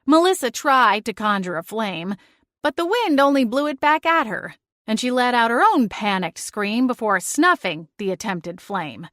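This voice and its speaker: A woman narrating a first-person audiobook in a lively, dramatic storytelling manner. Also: fairly high pitch, normal speed, dry recording, clean studio sound.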